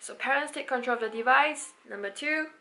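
A woman's voice: sits high, fairly quick, pushed and bright. A woman giving patient instructional advice to parents, breaking into sing-song counting demonstrations. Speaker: parent educator.

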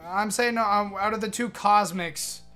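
A young man streaming a game live, chatting excitedly, swearing and thanking his viewers. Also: high-pitched, moderate pace, faint music behind.

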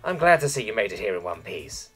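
A dry, no-nonsense female military captain, read by a male narrator gives brisk, wry orders. The voice is husky and plain, with an audiobook feel. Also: on the low side, big pitch swings, a bit bright, faint music behind, exaggerated voice. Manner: curt and wry.

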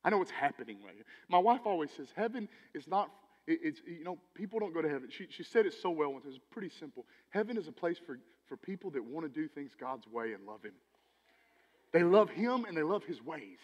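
Animated preacher, high voice, church hall reverb. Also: male voice, fairly quick. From Texas. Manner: animated, preachy, swings between loud emphasis and quiet asides. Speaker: pastor. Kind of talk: sermon. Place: church sanctuary.

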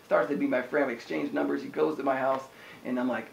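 A man preaching a sermon in an energetic, conversational way, often asking the listeners "amen?". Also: mid-range voice, fast talker, vocal fry, echoey room, slight background noise, poor audio. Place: house church room.

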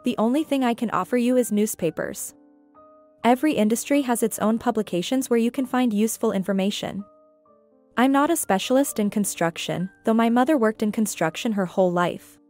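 A woman's voice: on the high side, fairly quick, darkish tone, faint music behind, lightly acted. A woman reading the lines of a weary, guarded grieving woman in her plain storytelling voice. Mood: polite.

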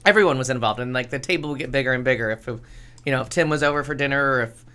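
Animated storytelling man in casual chat. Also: mid-range voice, racing, clean tone. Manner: animated storyteller, swears freely, laughs often. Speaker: podcast co-host.

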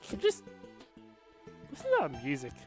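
Casual gameplay narrator, self-mocking and rambling, unhurried, game music loud underneath. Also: mid-range voice. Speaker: gaming video creator. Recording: game music playing behind.

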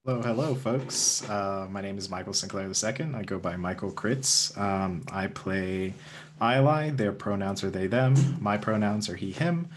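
A man introducing himself as a tabletop game player, relaxed and friendly. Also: lowish voice, moderate pace, slight background noise. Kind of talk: casual chat.

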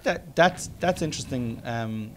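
A man's voice: mid-range voice, lively intonation, a little slow, a bit bright, slight background noise. A man in his forties with an Irish accent, hosting a casual podcast chat, rambling with many restarts and the odd curse. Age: 40s. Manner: rambling, swearing, stop-start sentences. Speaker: podcast host.

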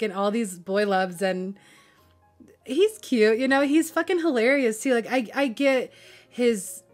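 A young woman gushing in casual chat about a show she loves, swearing freely and filling her talk with "like". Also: on the high side. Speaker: vlogger reviewing a drama.

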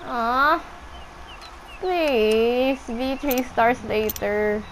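Young woman, gameplay commentary, slow unhurried talk, slightly high voice, faint hiss. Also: poor audio. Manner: chatty, talks to in-game animals, excitable squeals. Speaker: gameplay streamer.

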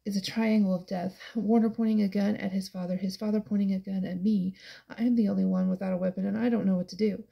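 Gravelly woman narrating an audiobook. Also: mid-range voice, steady tone, quick pace, dull audio. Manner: intense, dramatic reading. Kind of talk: first-person audiobook narration.

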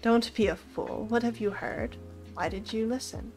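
A woman's voice: a little high, moderate pace, a little mellow, soft background music, close to an everyday voice, low-quality recording. Woman reading as a stern old wizard. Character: stern old male wizard, grave and commanding. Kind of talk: storybook reading.

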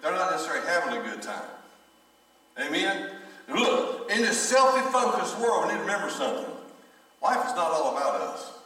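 Older pastor preaching in an echoey church. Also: male voice, on the high side, big pitch swings, brisk, sharp tone. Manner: preaching with call-and-response, repeating phrases for emphasis. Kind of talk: sermon. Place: church sanctuary. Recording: echoey church hall from far off.

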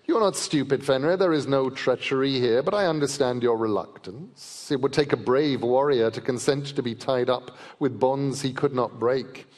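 A man's voice: mid-range voice, normal speed, few pauses, darkish tone, natural voice. A man reading aloud and voicing the aged father of the gods, cunning and coaxing, with a persuasive, needling way of talking. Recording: long reverb of a large festival hall.

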